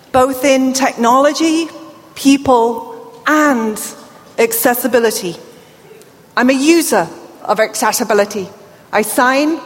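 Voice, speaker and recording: A British woman in her forties speaking with a deaf accent, giving a playful keynote speech to a crowd in a large hall. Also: a little high. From England. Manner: chatty and playful, engaging the crowd. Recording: echoey hall, amplified speech.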